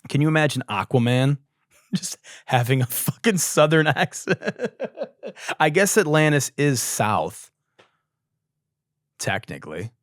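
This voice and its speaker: A man's voice: medium pitch, animated, unhurried, long pauses, no room sound, studio quality. A young man hosting a podcast, riffing crudely and sarcastically in casual comedy. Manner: crude, sarcastic, jumps between mumbles and loud outbursts. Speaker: podcast host.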